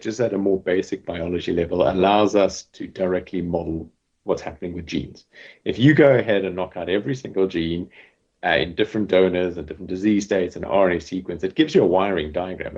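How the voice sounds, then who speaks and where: A very deep, husky-voiced man explains technical ideas as an interview guest. The sound is a little dull and muffled. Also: darkish tone. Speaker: biotech company CEO, guest. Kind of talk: podcast interview answer.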